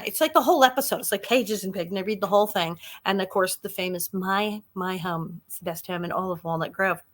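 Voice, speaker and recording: Woman, 60s, bright tone, lively storyteller, frequent laughter, casual interview guest. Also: medium pitch. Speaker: guest actress.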